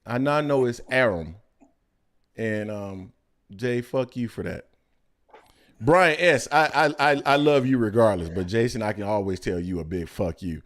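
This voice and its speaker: A man hosting a boxing podcast in casual chat, joking loudly at times and dropping to calm analysis at others. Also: a little slow. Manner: excitable, swings from loud joking to low calm analysis. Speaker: podcast host.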